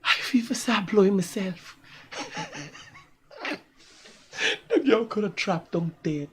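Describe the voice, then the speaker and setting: Lively Guyanese man, high and animated. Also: breathy edge. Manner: animated storytelling with frequent laughter. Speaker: talk show host. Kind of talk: casual live-show monologue.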